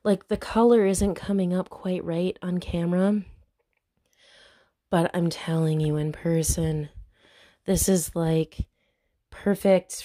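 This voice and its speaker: A woman with a Midwestern accent talks through an unboxing on her home vlog, her voice sitting slightly low. She gushes and gasps in excitement, filmed on a camera set up on a tripod. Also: slow, long pauses. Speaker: vlogger.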